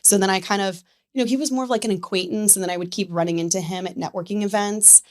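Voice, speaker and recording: A woman's voice: medium pitch, steady tone, quick pace. Chatty woman telling her story. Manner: chatty, lots of "like" fillers. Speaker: podcast guest. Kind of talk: casual interview storytelling.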